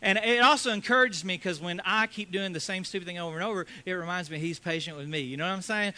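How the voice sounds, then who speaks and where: A pastor delivers a sermon in a casual, conversational way. His voice sits high for a man and sounds bright and forceful. He acts out quoted lines and leads the congregation in call-and-response. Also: quick pace, few pauses, smooth.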